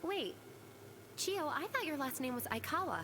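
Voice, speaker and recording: An actress playing a brisk, sensible teenage student council president who scolds matter-of-factly in a video game. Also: female voice, high voice, lively intonation, pushed and bright, a little hiss or hum, heavily acted.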